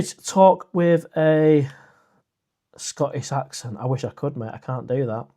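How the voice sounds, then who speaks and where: A man's voice: mid-range voice, a little slow, warm tone. Chatty man hosting a live stream. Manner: chatty and rambling, with frequent "uh" and restarts. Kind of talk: casual live stream chat, reading viewer comments.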